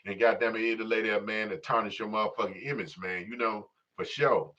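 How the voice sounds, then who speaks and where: A man's voice: on the low side, fairly even intonation, fairly quick, bright, forceful tone. Profane streetwise middle-aged man ranting. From Chicago. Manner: streetwise, profane, rambling, constant "you know what I'm saying". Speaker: livestream host. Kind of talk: casual unscripted monologue. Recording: slightly dull lo-fi audio.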